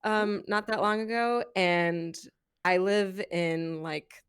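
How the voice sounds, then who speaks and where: A woman's voice: medium pitch, slow, clean tone, dry recording, studio quality. A woman from North Carolina, a player in a tabletop game, telling a chatty, self-deprecating story. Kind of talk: casual chat.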